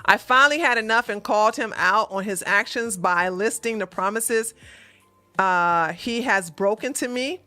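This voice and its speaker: A woman's voice: medium pitch, normal speed, bright, forceful tone, faint music behind. A woman hosting a relationship advice livestream, reading out a viewer's question and answering bluntly with sassy, mocking remarks.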